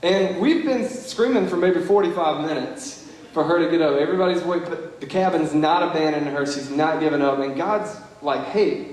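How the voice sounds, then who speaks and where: A man's voice: on the high side, fairly quick, a little mellow. A young man giving an earnest, conversational banquet speech, telling stories full of "you know" and "like". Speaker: Young Life leader giving a banquet talk. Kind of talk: storytelling speech. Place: large banquet hall. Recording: very echoey hall with long reverb.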